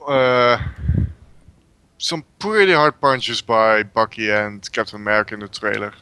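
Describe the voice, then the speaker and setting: A man in casual gaming chat who mostly answers with brief, blunt agreement. His voice is bright and crisp, recorded dry and close. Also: lowish voice, unhurried, no room sound. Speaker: gaming podcast co-host.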